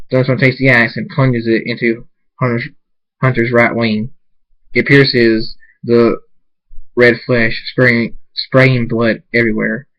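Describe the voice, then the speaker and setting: A man reading his own fan fiction aloud in a halting way, often stumbling and restarting, on a dull lo-fi mic. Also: mid-range voice, little pitch movement. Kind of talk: amateur story reading.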